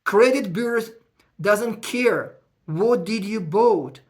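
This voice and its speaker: An accountant gives viewers casual financial advice at a slow pace, his middle-pitched voice carrying non-native English phrasing. When he feels strongly about a point, he gets emotional and raises his voice.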